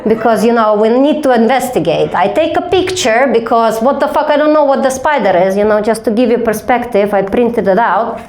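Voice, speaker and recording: A woman's voice: fairly high pitch, fairly quick, few pauses, roomy sound, a little hiss or hum. Profane young woman doing stand-up. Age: young adult. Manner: profane, deadpan storytelling with acted quotes. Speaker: stand-up comedian. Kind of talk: stand-up storytelling.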